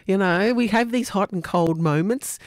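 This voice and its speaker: A woman's voice: mid-range voice, normal speed, noisy background. Upbeat Australian woman radio host. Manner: chatty and upbeat, laughs often. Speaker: radio breakfast show host. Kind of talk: live radio presenting.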